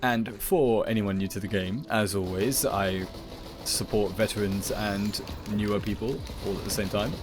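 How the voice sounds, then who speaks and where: A man's voice: on the low side, steady tone, normal speed. A man giving playful commentary over his video game play, rambling and jokingly dramatic. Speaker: gaming video creator. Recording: voice over loud game music.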